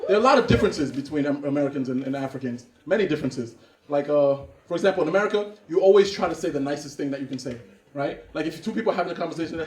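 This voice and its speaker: A man from Cameroon doing stand-up comedy, animated and acting out scenes. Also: on the high side, racing. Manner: animated, acts out scenes and voices. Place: comedy club stage. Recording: roomy club, far from mic, audience laughing.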